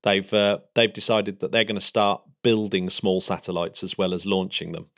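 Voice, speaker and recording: A man's voice: low-pitched, flat delivery, moderate pace, fairly bright tone. A man co-hosting a casual space podcast, rambling enthusiastically through the week's news. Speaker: podcast co-host.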